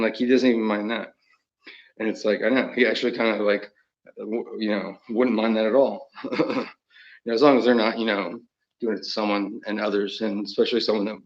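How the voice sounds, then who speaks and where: A man's voice: fairly low pitch, flat delivery, brisk, lo-fi sound. A man talking in a rambling monologue, chuckling often mid-sentence and trailing off into restarts.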